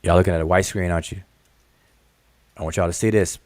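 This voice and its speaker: A man's voice: low-pitched, quick pace, no room sound. A man hosting a live-stream lesson, talking straight to his viewers with lots of repetition and direct questions. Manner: animated, repetitive, calls out "look, look" to viewers; addresses the audience as "y'all" and "family". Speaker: host teaching on a live stream.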